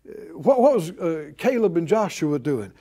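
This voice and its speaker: A male preacher with a high, mellow voice that swings widely in pitch. He preaches emphatically, pleading with listeners and repeating phrases to drive them home. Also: big pitch swings, moderate pace. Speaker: pastor. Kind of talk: sermon.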